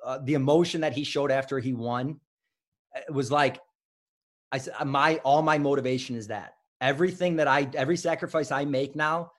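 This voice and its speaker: Speaking at medium pitch and a moderate pace, this ex-wrestler from Highland Park, Illinois, is in his thirties. He's a guest in a casual interview, telling stories that are peppered with fillers and restarts.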